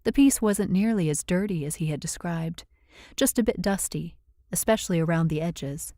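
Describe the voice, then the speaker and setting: Woman, audiobook narrator, measured first-person storytelling, low voice, dry booth sound. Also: dark tone, no room sound.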